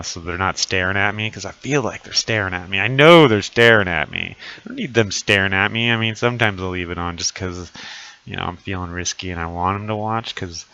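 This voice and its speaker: A man's voice: low voice, bright, forceful tone, highs cut off, slight background noise. A man in his thirties chatting crudely and jokingly with viewers during a live stream, wearing a costume mask. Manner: crude, profane, joking banter. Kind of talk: casual live-stream chat. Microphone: desk mic, voice muffled little by a costume mask.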